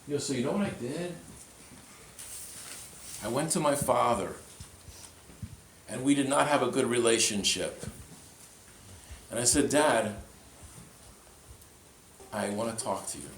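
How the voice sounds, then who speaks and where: A man's voice: mid-range voice, lively intonation, measured pace, long pauses, fairly bright tone, slight background noise. A man who is a pastor, giving a sermon and telling a story in the manner of a storyteller. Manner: storytelling, retelling a conversation in quotes. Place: church. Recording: echoey church with faint ambience.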